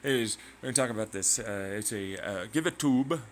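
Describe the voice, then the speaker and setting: A man hosting his own channel, talking through a rambling, excitable science monologue full of tangents, sound effects and swearing. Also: fairly low pitch, brisk, slight background noise. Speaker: channel host.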